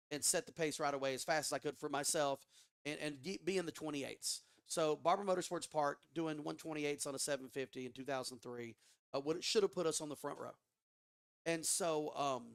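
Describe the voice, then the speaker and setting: Lively, foul-mouthed man telling a story. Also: on the high side, clear, resonant tone, no echo, studio quality. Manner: animated, profane, frequent restarts. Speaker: podcast guest. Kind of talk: casual storytelling. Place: studio.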